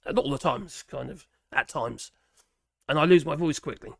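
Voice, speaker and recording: Norfolk-accented man, live streamer, high-pitched, dry close sound, blunt rambling talk. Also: moderate pace, creaky, no room sound. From England. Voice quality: slightly strained, mucus-prone throat. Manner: rambling, blunt, chatty with frequent restarts and slang. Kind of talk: casual live-stream commentary.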